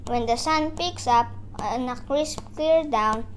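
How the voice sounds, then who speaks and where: Slow, high-voiced woman reading to kids. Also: a little hiss or hum. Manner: halting, with small stumbles. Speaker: storyteller. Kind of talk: reading a picture book aloud for children.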